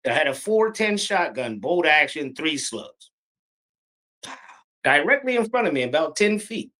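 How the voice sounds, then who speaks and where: A middle-aged man from Pennsylvania telling a true encounter story in a halting, breathless, vivid way. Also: fairly high pitch, big pitch swings, sharp tone. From Pennsylvania, USA. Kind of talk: animated personal storytelling.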